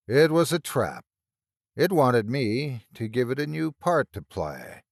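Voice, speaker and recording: A man's voice: mid-range voice, sing-song, slow, gravelly, dry recording, studio quality. A man narrating a scripted horror story in a tense, dramatic storytelling manner.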